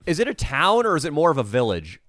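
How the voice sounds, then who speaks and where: Brief: man co-hosting a comedy podcast, lively pitch, dry studio sound, deadpan mock-formal riffing. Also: quick pace, no room sound. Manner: mock-formal, absurd improvised bits. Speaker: podcast co-host. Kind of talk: casual comedic podcast chat.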